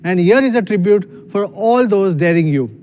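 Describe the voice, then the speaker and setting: A man's voice: high voice, animated, normal speed, darkish tone. A man giving a proud, emphatic scripted keynote as a company executive.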